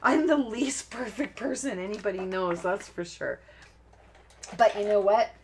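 A woman with a medium-pitched, darkish voice speaks at a measured pace, a slight hiss or hum on the recording. As host of a live card-making demonstration, she rambles casually while working, cuts herself off mid-sentence, and laughs at her slips.

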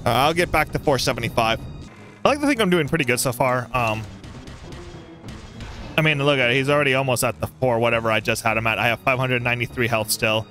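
Bright, excitable young male gamer. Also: medium pitch, fast talker, soft background music. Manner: excitable, yelling and taunting the boss. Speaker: gaming YouTuber. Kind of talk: let's play commentary.

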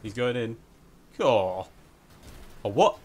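Male gamer host, animated crash calls, relaxed pace. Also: medium pitch, slow, a little hiss or hum. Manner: lively, shouts "caw" at crashes, laughs and swears often. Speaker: gaming channel host. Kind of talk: excited gameplay commentary with a friend.

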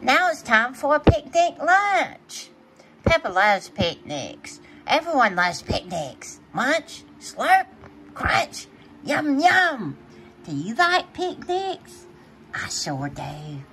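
A woman reads a children's storybook aloud in a high, bright voice that swoops up and down. She takes it slow and playful and laughs often between pages. A faint hiss sits under the recording. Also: very animated. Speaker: storybook reader. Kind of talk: reading a picture book aloud to children.

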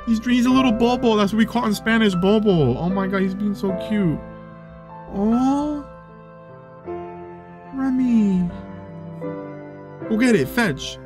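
A young man hosting a let's play, excitable and chatty, cooing and gasping at the game. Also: sits high, brisk, few pauses, music in the background. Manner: excitable, coos and gasps, chatty asides. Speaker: gaming channel host.

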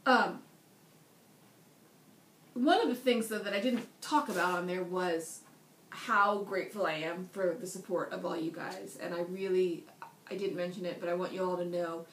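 A woman's voice: lowish voice, normal speed, slight background noise. A tired woman chatting casually to her viewers in a rambling, self-deprecating way. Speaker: vlogger. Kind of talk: casual chat. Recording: roomy echo.

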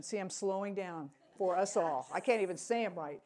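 A woman teaching a Bible lesson to a class. She speaks deliberately, repeats key phrases for emphasis, and laughs at her own slips. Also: mid-range voice, darkish tone.

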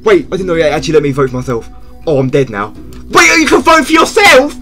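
A man live-streaming a game, chatting to his viewers and ending nearly every phrase with "yeah?", and shouting when something surprises him. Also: fairly high pitch, sing-song, fast talker, soft background music. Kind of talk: casual live gaming stream chat.

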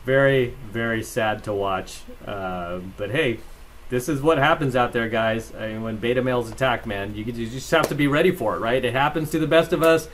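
A man's voice: medium pitch, moderate pace, fairly bright tone, slight background noise. A man hosting his own vlog. He rambles through casual commentary and stories, laughs as he talks, and keeps asking "right?". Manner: rambling, tags lines with "right?"; laughs while telling stories. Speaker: channel host.

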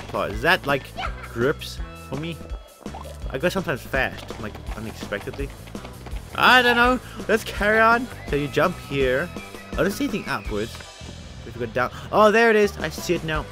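A man giving playful let's-play commentary at a desk mic, giggling and shouting with excitement as he plays. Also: medium pitch. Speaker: gaming youtuber. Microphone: desk microphone with headphones.

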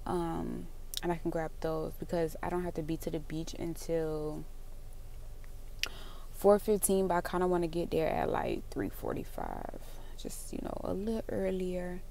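Young woman, smooth sleepy voice, lowish pitch, casual vlog chat, faint background noise. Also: a little slow, warm tone. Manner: chatty, addresses viewers as y'all and girl. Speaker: vlogger. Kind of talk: casual vlog chat while running errands. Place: in a car and stores.

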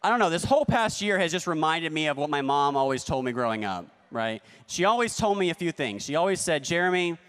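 A man doing a stand-up comedy set, with a deadpan, ironic delivery and playful asides to the crowd. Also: a little high, a little fast, few pauses, smooth. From United States. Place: large convention hall stage. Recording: long hall reverb.

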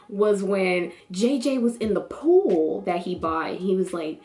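A woman chatting casually in a vlog, reacting to a TV show with animated, slangy talk. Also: medium pitch, measured pace, few pauses. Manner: animated, expressive, jumps into voices of characters.

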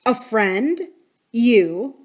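Picture an earnest, fretful housekeeper, lifting her voice higher in alarm as she questions and pleads, as a woman reading a novel aloud puts her on. The voice is fairly high for a woman and stays plainly her own, with startled, searching questions. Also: sing-song, extremely slow, darkish tone, husky, full character voice. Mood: anxious. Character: anxious kindly middle-aged housekeeper woman.

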